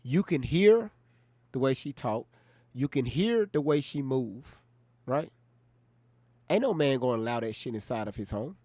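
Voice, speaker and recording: A man's voice: medium pitch, lively intonation, measured pace, long pauses, mellow, dry recording. A man hosting a reaction stream, talking to his viewers in an emphatic, informal way. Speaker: reaction video host. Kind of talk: casual live-stream commentary.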